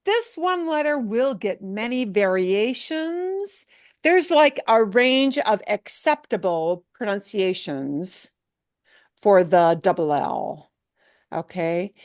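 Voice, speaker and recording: A woman's voice: medium pitch, expressive, slow pace, clean studio sound. A woman teaching a beginner language class, patiently repeating words for students to echo and checking in with "okay?". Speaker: Spanish teacher.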